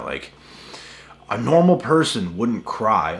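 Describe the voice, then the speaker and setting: A man's voice: low-pitched, unhurried, long pauses, pushed and bright. A man hosting a spiritual channel, ranting to camera in an emphatic, repetitive way with a lot of swearing. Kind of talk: casual rant to camera.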